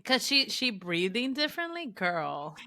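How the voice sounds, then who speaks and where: Bright-voiced chatty woman podcaster. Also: a little high, measured pace, no room sound, clean studio sound. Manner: chatty, excitable, acts out reality-show moments. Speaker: podcast co-host. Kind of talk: casual chat.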